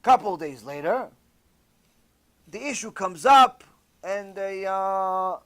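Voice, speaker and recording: A man giving an animated, conversational sermon, telling a story and sprinkling in Hebrew terms. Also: sits high, slow. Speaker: religious teacher.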